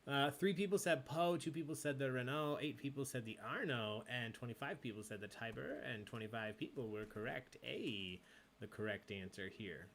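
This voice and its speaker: A man hosts a live trivia night with a bright, forceful voice. He reads questions and answer tallies in a playful, chatty way and jokes with the players between questions. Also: medium pitch, normal speed, slight background noise. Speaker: trivia host. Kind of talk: live-streamed trivia hosting.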